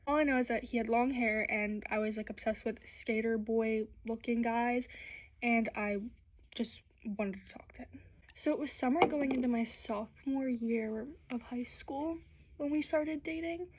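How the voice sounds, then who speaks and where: A young woman with a slightly high voice tells a get-ready-with-me storytime. Her delivery is quick, chatty and confessional. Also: low-quality recording.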